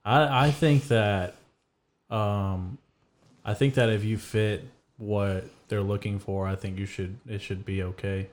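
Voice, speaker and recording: Low-voiced man, dry and deadpan. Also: takes it slowly. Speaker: podcast host. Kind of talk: casual chat.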